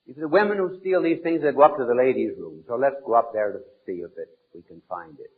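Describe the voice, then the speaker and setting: A man playing a helpful male store floorwalker who explains things briskly, heard in an old, narrow-sounding archival recording. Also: mid-range voice, lightly acted.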